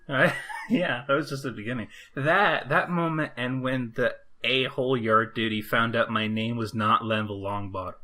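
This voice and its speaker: A young man co-hosting a podcast, telling a story in a casual way. He brings it to life by acting out the people in it. His voice is bright and mid-pitched. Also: moderate pace. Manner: animated, acts out voices in anecdotes. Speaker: podcast co-host.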